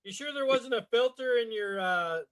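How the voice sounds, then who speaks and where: A man's voice: very high-pitched, normal speed, a bit bright, clean tone. A man in his sixties on a casual podcast, teasing his brother with wisecracks. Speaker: podcast guest, brother of a co-host. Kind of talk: casual chat.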